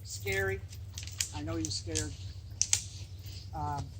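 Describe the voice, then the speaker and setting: A man, telling stories about his late father at a memorial, rambling and halting with many restarts. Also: on the high side, very noisy. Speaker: eulogy speaker, son of the deceased. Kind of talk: memorial speech, storytelling.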